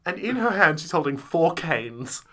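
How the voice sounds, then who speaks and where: A man chatting casually on a podcast about theatre shows, rambling and animated, slipping into quick silly voices. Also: a little high. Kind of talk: casual chat.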